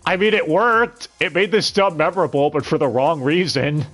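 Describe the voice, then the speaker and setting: A man's voice: on the high side, normal speed, a bit bright, soft background music. A man reviewing an anime dub on a live stream, talking casually with frequent stammered restarts and blunt, profane sarcasm.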